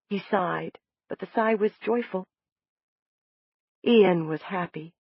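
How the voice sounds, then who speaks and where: Woman narrator, first-person audiobook, steady descriptive reading, dull dry sound. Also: mid-range voice, breathy edge, no echo. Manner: measured, descriptive.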